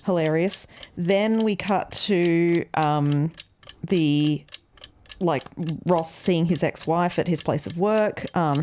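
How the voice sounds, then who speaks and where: A woman's voice: deep voice, a little mellow, a little hiss or hum. A young woman co-hosting a podcast in casual chat, playful and chatty, often laughing and trailing off with fillers. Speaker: podcast co-host.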